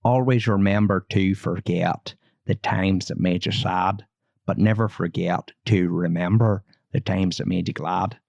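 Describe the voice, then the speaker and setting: A man putting on his late grandfather's Belfast accent to recite a slow, gentle old saying. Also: low voice, steady tone, creaky, no echo, lo-fi sound. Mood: fond. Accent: Belfast, imitated.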